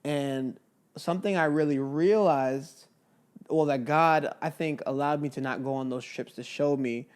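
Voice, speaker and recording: A young man co-hosting a married couple's podcast in casual chat, playful and earnest with quick asides. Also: mid-range voice, a little mellow. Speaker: podcast co-host.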